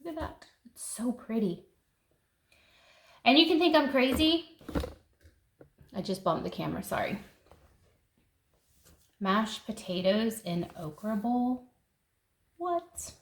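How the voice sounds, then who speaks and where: Her voice is a little high and very animated, yet slow, with frequent pauses. She's a gardening vlogger chatting excitedly over a seed catalog and thinking aloud as she pages through it, in an echoey room with faint noise.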